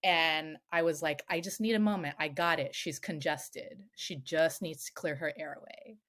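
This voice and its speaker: Woman, middle-aged, podcast guest, candid storytelling, animated, swears, lowish voice. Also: normal speed. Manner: animated, swears freely, acts out quoted voices.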